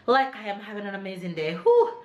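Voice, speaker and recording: A woman's voice: fairly low pitch, animated, moderate pace, reverberant, dull audio, heavy background noise. A woman with a Jamaican accent, a mother chatting casually to the camera in her home kitchen, upbeat and motivational while she multitasks. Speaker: mother and family vlogger. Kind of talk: casual vlog talk to camera.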